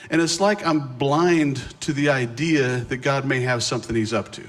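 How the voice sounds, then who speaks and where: A middle-aged guest preacher, mid-range in voice, tells a story from his own life. He's animated, makes fun of himself, and keeps restarting quickly.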